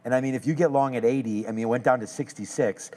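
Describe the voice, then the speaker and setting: A man hosting a live trading show, moving from teasing banter with a co-host into relaxed, thoughtful stock market commentary. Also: mid-range voice, quick pace. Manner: joking, teasing, then thoughtful analysis.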